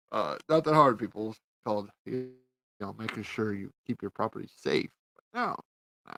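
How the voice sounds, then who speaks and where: A man's voice: on the low side, a little slow, gravelly, long pauses, fairly bright tone, no echo, low-quality recording. A man ranting sarcastically and profanely in a casual review, a little tipsy. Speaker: TV show reviewer.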